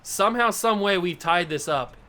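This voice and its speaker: Bright-voiced excitable young gamer guy. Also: high voice, moderate pace. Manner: excitable, self-mocking, swings between groans and yelps. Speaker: gaming YouTuber host. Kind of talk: casual gameplay commentary.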